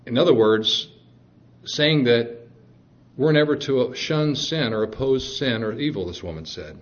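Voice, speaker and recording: A man's voice: a little high, highs cut off. A man preaching a sermon in an earnest, emphatic way, with fillers and restarts.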